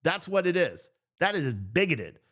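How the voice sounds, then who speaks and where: A man's voice: fairly high pitch, sing-song, fairly bright tone. Profane, ranting male livestream host. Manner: profane, ranting, quick to laugh at himself. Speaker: livestream host reading chat. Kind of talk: casual unscripted livestream talk.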